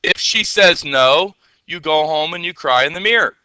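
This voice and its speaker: A male teacher giving a classroom coding lesson, energetic and constantly checking in with rhetorical questions. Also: fairly high pitch, normal speed, smooth, no room sound, low-quality recording.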